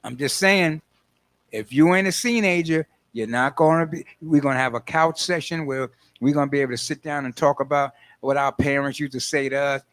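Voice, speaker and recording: An older man with a New York accent, hosting a call-in show in a loose, chatty monologue. His voice sits a touch high for a man, and he tells stories playfully, slipping into mock quotes. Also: brisk. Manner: animated, playful storytelling with laughs and mock quotes. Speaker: host. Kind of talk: casual radio-style monologue.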